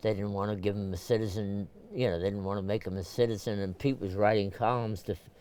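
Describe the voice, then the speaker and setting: Older New man, low smooth voice. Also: fairly even intonation, fast talker, a little mellow. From Brooklyn, New York. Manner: rambling, many fillers and restarts, clears throat often. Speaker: photographer, interview guest. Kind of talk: casual storytelling interview.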